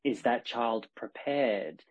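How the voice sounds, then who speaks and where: A husky-voiced man, talking as a guest on a podcast. He tells stories with energy and acts out what each person says. The recording sounds a little dull and lo-fi. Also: mid-range voice, slow. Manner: animated storyteller, acts out dialogue. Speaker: horsemanship coach, guest. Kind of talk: podcast conversation.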